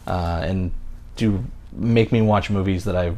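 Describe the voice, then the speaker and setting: A man's voice: low voice, steady tone, unhurried, warm tone. A man in his thirties co-hosting a podcast in casual chat, rambling with many fillers and restarts. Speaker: podcast co-host.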